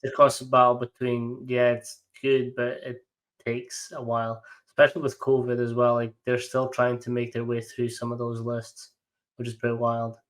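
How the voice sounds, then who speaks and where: Flat-voiced hesitant male host. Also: mid-range voice, moderate pace. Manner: hesitant, with restarts and "like" fillers. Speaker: podcast host. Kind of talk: casual podcast chat.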